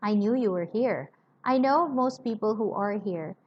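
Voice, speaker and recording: A woman's voice: mid-range voice, lively intonation, moderate pace, a little hiss or hum, close to an everyday voice. A woman reading the part of a curt, furtive, irritable man with snappish lines. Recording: dull lo-fi recording.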